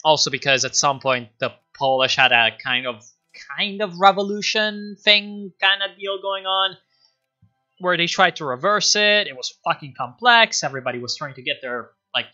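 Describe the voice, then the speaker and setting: A man on a livestream talks through history in a rambling, profane, animated way. His voice is very bright and a little high. The audio is dull and lo-fi, with faint music behind it. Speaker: streamer. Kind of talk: casual livestream history commentary.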